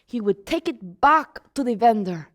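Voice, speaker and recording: A woman's voice: a little high, expressive, measured pace. A woman playing the apostle John, retelling his days with Jesus in first person and asking the listeners questions directly. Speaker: storyteller in character. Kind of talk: first-person Bible storytelling.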